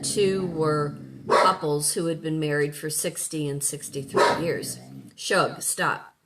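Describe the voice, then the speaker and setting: A woman life coach with a low-sitting voice talks casually at home in a rambling, conversational monologue, stopping now and then to scold her dog. Heavy background noise runs under the recording.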